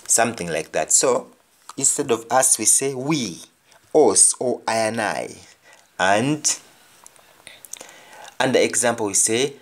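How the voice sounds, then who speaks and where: A man teaching a language lesson, repeating each example phrase deliberately. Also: on the low side, animated.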